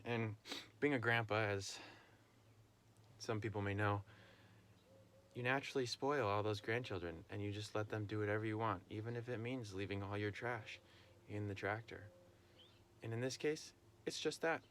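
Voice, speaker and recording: A man's voice: fairly low pitch, moderate pace, fairly bright tone, slight background noise. A young man, a farmer, talking casually to the camera in a vlog with chatty, joking asides. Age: young adult.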